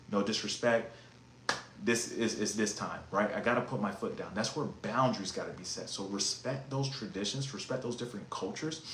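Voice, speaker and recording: A man hosting a casual podcast monologue, talking in an emphatic, animated, slangy and preachy way. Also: lowish voice, slight background noise. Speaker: podcast host. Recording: echoey room with faint ambience.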